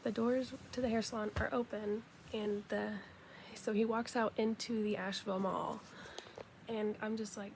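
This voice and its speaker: Chatty young woman with vocal fry. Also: mid-range voice, normal speed, slight background noise. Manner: chatty, animated retelling with quoted dialogue. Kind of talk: casual storytelling.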